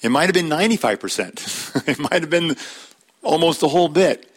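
A man's voice: on the high side, lively intonation, brisk, husky. A middle-aged man leading a conversational Bible study, plain-spoken and folksy, telling personal stories and calling on listeners by name to read verses. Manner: folksy, tells personal anecdotes with light laughs.

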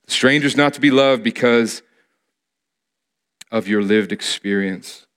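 A man's voice: medium pitch, unhurried, long pauses, a bit bright, clean tone. Earnest male preacher. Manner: earnest, repeats key phrases for emphasis. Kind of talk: sermon.

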